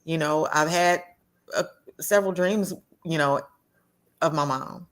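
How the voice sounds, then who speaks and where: Woman w a deep low voice, talking from the heart, stops n restarts a lot. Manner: earnest, halting, with many restarts and repeated words; acts out quoted voices of others in her story. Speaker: guest. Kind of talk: heartfelt personal storytelling.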